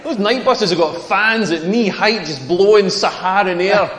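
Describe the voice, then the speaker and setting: A man's voice: sits high, moderate pace, fairly bright tone. A Scottish man in his forties from rural Scotland, performing a crude, mocking stand-up comedy set on a club stage. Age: 40s. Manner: brash, crude, mocking delivery. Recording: roomy club with long reverb.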